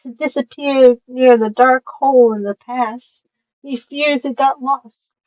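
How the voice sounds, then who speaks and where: Game read: tiny begging girl, wobbly put-on accent, pitched high, voiced by a woman. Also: steady tone, a little slow, dull audio. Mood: pleading. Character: tiny pleading girl who lost her dog.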